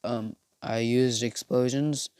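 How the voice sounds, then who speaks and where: A man voicing a tired, blunt teenage boy who talks in a flat, slow drawl. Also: medium pitch, clean tone, dry recording, clean studio sound, natural voice. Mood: weary. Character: tired, blunt teen boy hero turned dark.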